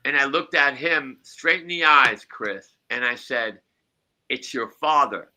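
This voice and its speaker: A man's voice: mid-range voice, unhurried, bright, forceful tone. A man hosting a podcast as a psychic medium, chatting casually in a rambling way with chuckling asides.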